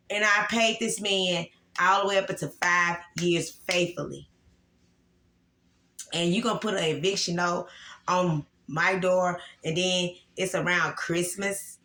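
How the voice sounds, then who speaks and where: A woman's voice: lowish voice, sharp tone. Upset woman venting in echoey room. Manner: emotional, repetitive, upset and angry. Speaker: vlogger. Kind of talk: casual vlog venting to viewers.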